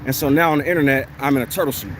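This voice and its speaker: A man vlogging in a casual, animated monologue, swearing freely and acting out quoted exchanges as he tells his story. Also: medium pitch, very fast, a little hiss or hum.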